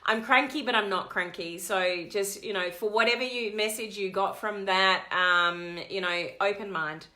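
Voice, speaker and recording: A woman coach talking live to her online community, telling a digressive story in an animated way. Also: mid-range voice, normal speed, hardly any pauses. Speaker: network marketing coach. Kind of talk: live-stream chat to viewers.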